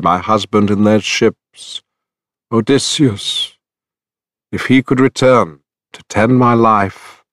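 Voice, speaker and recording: A grieving queen speaks with quiet dignity, as a man reads her lines. The voice sits low and close, with a dry, dead sound. She is measured and sorrowful. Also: dry recording. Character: grieving wise queen, woman, middle-aged.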